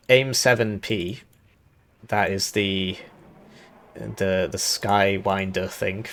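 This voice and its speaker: A man with a raspy voice giving casual commentary as he reviews a strategy game's update, thinking aloud with fillers and restarts. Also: on the low side, normal speed, fairly bright tone. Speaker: gaming YouTuber reviewing a devblog.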